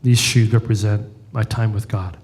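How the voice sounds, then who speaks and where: A man's voice: fairly low pitch, fairly even intonation, moderate pace, a little mellow. A middle-aged male pastor giving a conversational sermon and joking with his congregation.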